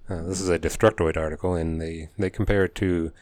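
Deep-voiced, easygoing man hosting. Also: fairly even intonation, brisk, a little mellow. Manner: easygoing, reads from articles, agreeable short replies. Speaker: podcast co-host presenting news. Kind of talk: casual chat.

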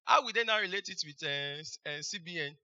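A man's voice: high voice, sing-song, normal speed, sharp tone. A man preaching a sermon as pastor, repeating his phrases and dropping in frequent hallelujahs. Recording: dull lo-fi recording.

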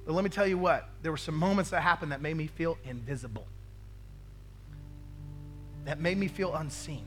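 A man's voice: on the high side, normal speed, long pauses, fairly bright tone, faint music behind. A male pastor preaching a sermon, telling a story with acted-out quotes and frequent "right?" asides to the congregation.

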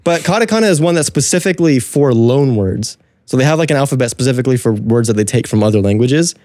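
A man's voice: medium pitch, animated, fast, a little mellow, no echo, clean studio sound. A young man co-hosting a casual podcast, chatty and teasing, often laughing as he talks. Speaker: podcast co-host.

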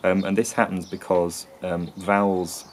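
An English man with an English accent explaining accents and sounds in a lesson, often pausing with ums and restarting phrases. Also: low-pitched, little pitch movement, a little hiss or hum. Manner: hesitant, frequent ums and restarts. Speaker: accent and linguistics presenter.

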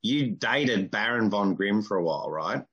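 Australian man, forties, husky voice, crude and teasing, muffled lo-fi recording. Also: lowish voice, expressive, moderate pace, a bit bright. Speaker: podcast host. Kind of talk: casual interview chat.

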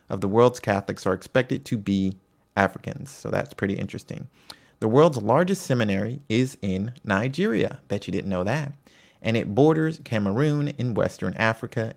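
A middle-aged man with a low, gravelly voice gives an informal lesson. He reads from prepared notes and breaks off into casual, chatty remarks. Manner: reads notes then adds chatty asides. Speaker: lecturer. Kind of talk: casual educational talk.

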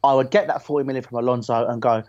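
A young man, co-hosting a casual football podcast, eager and excitable. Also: mid-range voice, very fast, no room sound, muffled recording. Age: young adult. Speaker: podcast co-host.

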